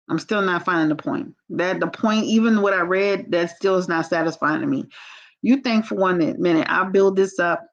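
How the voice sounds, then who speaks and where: A woman with a lowish voice talks straight to her livestream viewers, blunt and candid, calling them y'all. The audio is dull and lo-fi, as if from a cheap stream mic. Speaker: tarot reader and livestream host. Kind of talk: casual livestream commentary.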